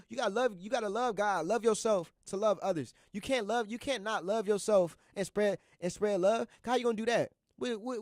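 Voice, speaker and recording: A young college radio host with a high, somewhat dark voice delivers an informal pep talk in the studio, the sound clean and echo-free. He's sincere and slangy, repeating his points again and again.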